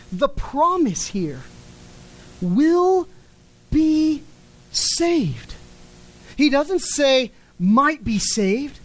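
A woman whose voice sits high gives an emphatic sermon, captured on a rough recording. She extends key words and lets her lines come down at the end.

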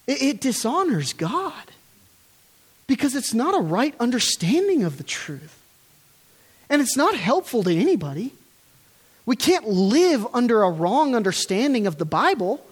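Animated male preacher. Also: extremely high pitch, a little slow, husky. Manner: earnest, emphatic, with rhetorical questions. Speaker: pastor. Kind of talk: sermon. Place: church.

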